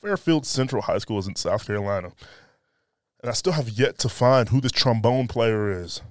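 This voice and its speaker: A man's voice: medium pitch, animated, moderate pace, no room sound, studio quality. A man hosting a casual solo podcast indoors, talking in a loose, joking, profane and rambling way. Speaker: podcast host. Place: indoors by a window. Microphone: podcast mic.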